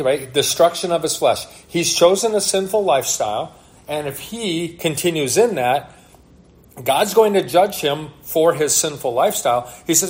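A man preaching a sermon, reading scripture aloud and explaining it, often checking in with rhetorical questions. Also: a little high. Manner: teaching, asks the listeners rhetorical questions. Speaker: pastor.

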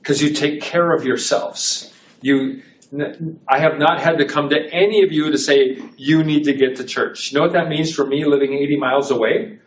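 A man's voice: on the high side, steady tone, normal speed. A man pastor giving a conversational sermon to a small congregation, asking his listeners rhetorical questions. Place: small church. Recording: echoey room, voice from a distance.

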